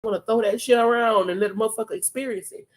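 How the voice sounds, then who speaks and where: A woman's voice: fairly high pitch, steady tone, fast. A woman reading tarot on a live stream, coaching the viewer in an emphatic, streetwise, profane way and repeating phrases for emphasis. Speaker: tarot reader.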